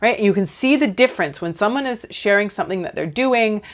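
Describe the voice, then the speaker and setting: A woman in her thirties, a counsellor giving casual advice straight to camera, animated and talking directly to her viewers. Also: medium pitch, fairly quick.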